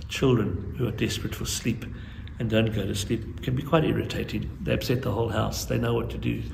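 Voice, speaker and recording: An older man from South Africa preaching a sermon as guest preacher, earnest and pleading by turns, with lively storytelling. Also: lowish voice, brisk, vocal fry. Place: church sanctuary. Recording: echoey church with faint ambient noise.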